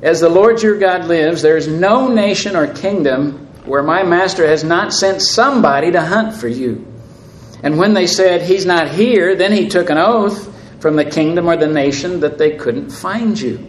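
A man's voice: a little high, moderate pace, echoey room, slight background noise, pitched above the performer's own voice, close to an everyday voice, low-quality recording. A man reading the part of a frightened male royal steward who pleads urgently, his voice raised and emphatic. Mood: pleading.

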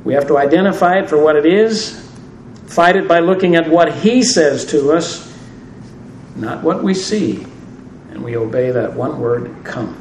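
A man's voice: a little high, animated, measured pace, a little mellow, slight background noise. A man preaching a sermon, conversational with dry humor. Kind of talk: sermon on scripture. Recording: roomy echo, distant mic, faint ambience.

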